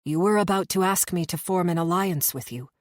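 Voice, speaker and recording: Composed young man from an audiobook, quiet and controlled, dry close sound, read by a woman. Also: on the low side, a little fast, no room sound, natural voice.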